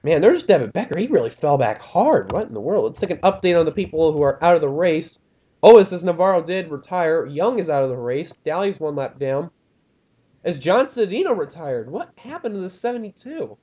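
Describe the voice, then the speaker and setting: A young man doing casual commentary on a sim race, rambling with many ums and getting excited at crashes. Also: a little high, fairly quick, muffled recording. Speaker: lead commentator of a sim racing league.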